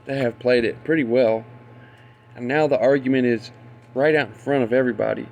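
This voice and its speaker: Gravelly-voiced man ranting profanely. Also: mid-range voice, fairly even intonation, fairly quick, darkish tone. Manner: profane, indignant, loses his train of thought. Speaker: conspiracy commentator. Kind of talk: rambling monologue.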